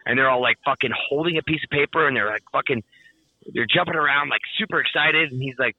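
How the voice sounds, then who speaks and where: A man in casual chat tells a story with breathless excitement, dropping swear words and "like" into nearly every line. His voice sits at an ordinary middle pitch. The recording is dry, with no room around it, and the sound is a little dull. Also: fast, no room sound. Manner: excitable, swears constantly, "like"-heavy chatter.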